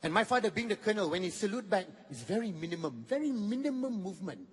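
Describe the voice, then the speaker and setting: Malaysian guy in his 50s doing stand-up, pretty high voice, big hall echo, faint crowd hum. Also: quick pace, husky. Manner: animated, acts out other people with a high put-on voice. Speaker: stand-up comedian. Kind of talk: stand-up comedy. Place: large hall on stage. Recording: reverberant hall with audience ambience.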